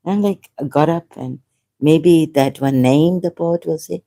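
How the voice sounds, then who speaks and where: Slow, impassioned woman, rambling monologue. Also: low-pitched, gravelly, warm tone. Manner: impassioned, rambling, repeats herself. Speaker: online commentator. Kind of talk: unscripted monologue.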